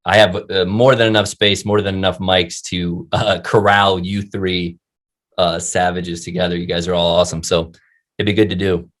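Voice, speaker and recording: A young man hosting a podcast, chatting in a relaxed, joking way and swearing casually. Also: sits low, moderate pace. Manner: laid-back, swearing, jokey. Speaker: podcast host. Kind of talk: casual interview chat.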